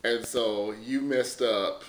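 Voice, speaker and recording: A man's voice: fairly low pitch, fairly even intonation, slow. A man hosting a casual podcast chat, agreeable and building his points step by step. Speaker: podcast host. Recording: roomy echo, faint noise.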